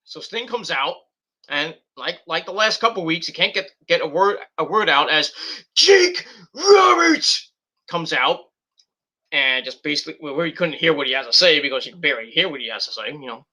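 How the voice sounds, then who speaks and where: A man's voice: on the high side, quick pace, bright, forceful tone. A man casually reviewing a wrestling show, rambling with lots of fillers and mocking paraphrases of what people said.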